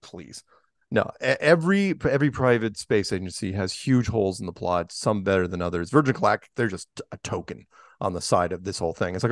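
A man's voice: on the low side, animated, a little fast, no echo, clean studio sound. A man talking as a podcast guest in a rambling way, full of fillers and restarts. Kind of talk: casual interview talk.

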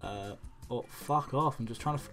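Brief: young lad host, joking and swearing through gameplay commentary. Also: male voice, mid-range voice, moderate pace, a bit bright, faint music behind. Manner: jokey, swears, reads on-screen text aloud. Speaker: gaming host.

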